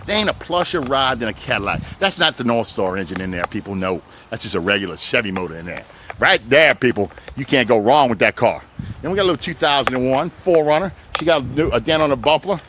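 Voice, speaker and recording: A man, a used car dealer, walking his outdoor lot in a folksy hard-sell sales pitch and calling out to the people watching. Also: lively intonation, fast talker, noisy background.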